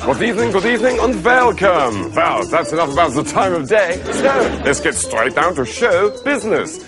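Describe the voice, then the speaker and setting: A cheesy Bavarian game show host, put on by a man. He rattles off corny catchphrases in a bright, high voice that swoops up and down. Music plays under him in this sketch comedy. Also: big pitch swings, moderate pace. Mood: chirpy. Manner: corny catchphrases, chirpy showman patter.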